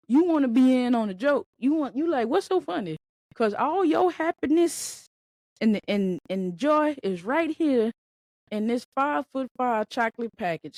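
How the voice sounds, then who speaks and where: A woman hosting a podcast in a casual, slangy monologue, talking in an animated way and laughing often. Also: a little high, no room sound. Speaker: podcast host.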